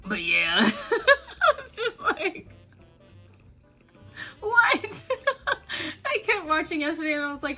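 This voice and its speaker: A woman's voice: high-pitched, big pitch swings, slow pace, pauses often, sharp tone, faint music behind. A woman vlogger in a casual rant to the camera, emphatic and repeating herself, laughing often.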